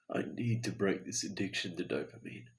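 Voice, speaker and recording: A man's voice: deep voice, a little slow. A tired man talking to himself in an earnest, introspective video diary late at night. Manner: earnest, introspective self-talk. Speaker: vlogger.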